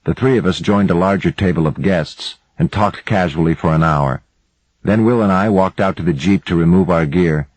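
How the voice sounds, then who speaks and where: Deep husky male audiobook narrator. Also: moderate pace, no echo, rough recording. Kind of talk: scripted first-person narration.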